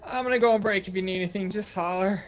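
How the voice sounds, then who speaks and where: A man's voice: sits high, fast, voice pushed up, lightly acted. A man voicing a tiny female gnome bartender who talks in a chirpy, offhand way.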